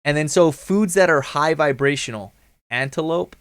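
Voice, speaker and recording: A man's voice: fairly high pitch, normal speed, fairly bright tone, smooth, dry recording, studio quality. A man in his thirties hosting a livestream, talking casually in a slangy, profane, rambling way. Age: 30s. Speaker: livestream host.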